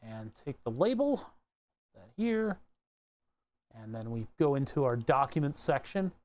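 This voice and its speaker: A streamer in a chill livestream, talking at a medium pitch, unhurried and half to themselves. Sentences trail off and get corrected along the way, like someone thinking out loud while working. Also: sing-song. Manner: muttering to self, frequent self-corrections. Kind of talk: relaxed think-aloud livestream narration.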